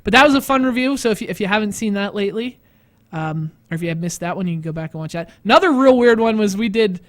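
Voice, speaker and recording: High-voiced rambling male streamer. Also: animated, fast talker, a bit bright. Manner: rambling, self-mocking, laughs often. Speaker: host. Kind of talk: casual live stream chat. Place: studio.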